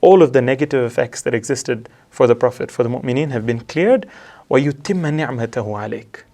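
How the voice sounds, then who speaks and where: A man in a religious discussion, quickly reciting Quranic verses in Arabic and then explaining them in English. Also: mid-range voice, mellow. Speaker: religious commentator. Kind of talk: discussion analyzing a religious letter.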